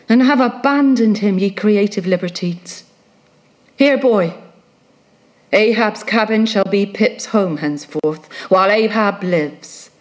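A woman's voice: mid-range voice, close to an everyday voice. A woman reading as a grandiose old sea captain. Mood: brooding. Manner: declamatory, commanding, brooding. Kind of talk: audiobook reading.

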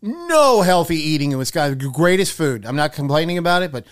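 A man co-hosting a radio talk show, telling a wry, animated story in casual chat. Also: on the high side, brisk, clear, resonant tone.

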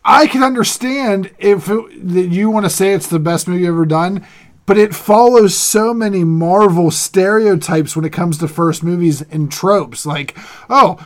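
A man's voice: sits high, moderate pace. A man co-hosting a casual podcast chat, talking like an eager, chatty fan. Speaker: podcast co-host.

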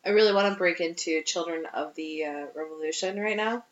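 A woman co-hosting a podcast in casual chat, chiming in with playful jokes and quick asides. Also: lowish voice, background noise. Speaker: podcast co-host. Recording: roomy, dull lo-fi sound.

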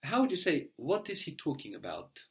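A man teaching a language lesson, patiently prompting his student and spelling words out letter by letter, often checking with a quick "no?". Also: a little high, huge pitch swings, gravelly.

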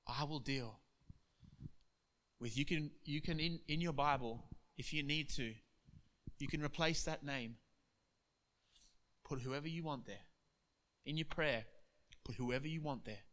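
A male pastor preaching a sermon, telling Bible stories in an animated way and acting out their dialogue. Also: on the high side, unhurried, long pauses.

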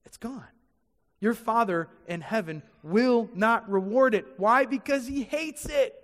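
A man's voice: extremely high pitch, unhurried, fairly bright tone, big-room sound. A man preaching a sermon to a congregation in a church, stressing his points by repeating them. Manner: emphatic preaching with repeated phrases. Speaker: pastor. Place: church sanctuary before a congregation.

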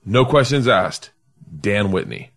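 A man hosting a podcast, chatting casually with friends and laughing a lot, his voice leaping up high when excited. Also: takes it slowly. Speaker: podcast host. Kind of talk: casual chat.

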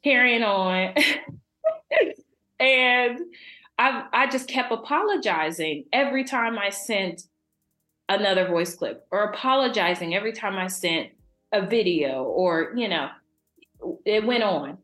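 A young adult woman, a podcast guest, talking casually and warmly about faith and laughing often. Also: medium pitch, expressive, unhurried, long pauses, echoey room, soft background music. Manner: warm, chatty, laughs often.

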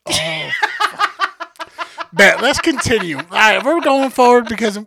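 A man co-hosts a podcast and teases the host in casual, slangy banter, swearing freely. His voice has a gravelly edge. His pitch swings widely as he talks. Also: animated, normal speed, a crowd in the background. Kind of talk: casual chat.

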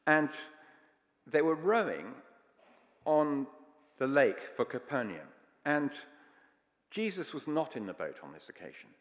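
A man's voice: fairly high pitch, sing-song, unhurried, long pauses. A man preaching a sermon, telling stories in an earnest, emphatic way. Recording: long hall reverb.

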